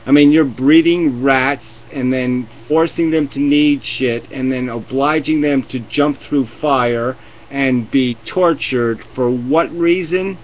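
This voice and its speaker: A man's voice: mid-range voice, measured pace. A man hosting a live video chat, ranting and swearing sarcastically as he argues with callers. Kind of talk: heated live debate. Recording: lo-fi webcam stream audio.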